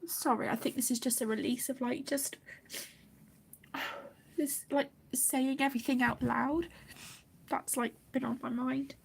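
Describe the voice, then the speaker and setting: Soft, halting woman with gravelly fry. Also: sits high, fairly even intonation. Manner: soft-spoken, halting, often near a whisper. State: emotional, close to tears. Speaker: colouring channel host. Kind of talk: casual live-stream chat while colouring.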